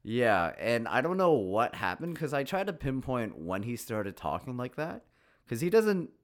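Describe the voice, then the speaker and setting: A man co-hosting a casual film podcast, talking with animated energy and laughing often. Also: medium pitch, moderate pace. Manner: animated, laughs often, does brief mocking voice imitations. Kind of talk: casual chat.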